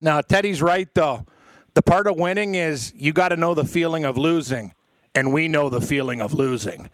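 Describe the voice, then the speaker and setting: A man co-hosting a sports betting show, excitable and joking, laughing often. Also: on the high side, normal speed, dry recording. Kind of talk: casual sports betting chat.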